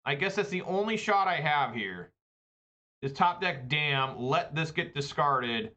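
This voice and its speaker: Man, card game commentator, bright voice, swearing, exasperated. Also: a little high, animated, a little slow. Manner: profane, exasperated ranting. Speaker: online card game player. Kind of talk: live gameplay commentary.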